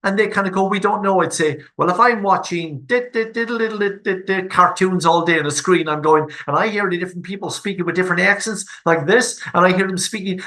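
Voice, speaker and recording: A man's voice: high voice, pushed and bright, rough recording. A man, speaking as a guest expert in an interview, talking passionately and repeating words for emphasis. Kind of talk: conversational interview.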